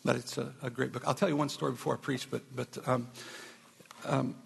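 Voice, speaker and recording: Pastor guy telling a story from the pulpit, super gravelly and husky, long hall echo. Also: mid-range voice, brisk. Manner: animated storyteller, repeats words when starting sentences. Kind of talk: sermon storytelling. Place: church sanctuary. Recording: echoey hall.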